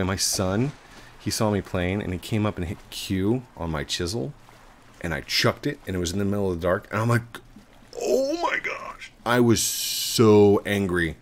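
A man in his thirties who is a father and a gaming YouTuber gives casual, chatty commentary over his gameplay. He laughs a lot and breaks into high, excited yells.

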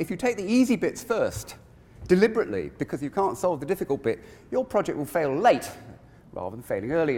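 A man giving a conference keynote in an animated, conversational way, with frequent digressions. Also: high voice. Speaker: keynote speaker. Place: large conference hall. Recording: long reverb of a conference hall.

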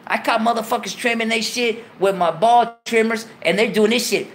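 A man's voice: high-pitched, moderate pace, fairly bright tone, slight background noise. Laid-back man with a profane monologue. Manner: laid-back street slang, swearing, lecturing his viewers. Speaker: show host.

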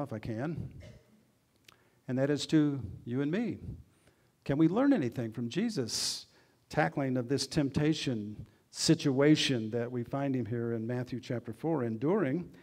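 A pastor preaching a sermon in a church, earnest, putting questions to the congregation and swinging between loud emphasis and quiet asides. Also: male voice, medium pitch.

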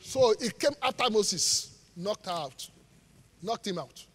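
A high-pitched pastor preaches a lively sermon, his voice swinging up and down as he fires rhetorical questions at the congregation. His tone is bright and cutting, and the live recording carries the long reverb of a large church hall. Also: takes it slowly, breathy edge. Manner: animated preaching, rhetorical questions, laughing asides.

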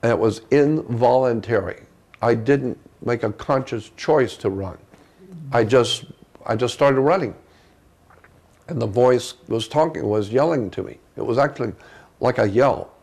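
A man with a gravelly, creaky voice speaks as an interview guest. He recounts a personal story earnestly, often stopping and restarting his sentences. His pitch sits at an ordinary middle level for a man. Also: a little slow, darkish tone.

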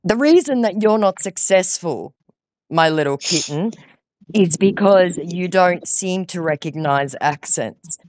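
A woman's voice: lowish voice, expressive, unhurried, darkish tone, no room sound, studio quality. A woman baiting a scammer on a phone call, sarcastic and patronizing, scolding him. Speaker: scam baiter.

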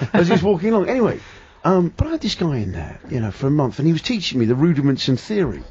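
A man's voice: on the high side, big pitch swings, fast, darkish tone, slightly rough. A man hosting a radio show, telling a rambling anecdote with repeats and restarts. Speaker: radio host. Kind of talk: casual radio chat. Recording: dull lo-fi broadcast audio.

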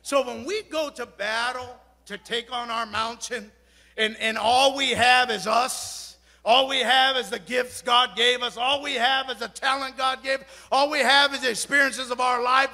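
A man preaching a fiery church sermon, moving from quiet storytelling into shouted exhortation to the congregation. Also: very high-pitched, steady tone, moderate pace, creaky. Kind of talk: Pentecostal-style sermon. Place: large church sanctuary. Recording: long church hall reverb, congregation faintly heard.

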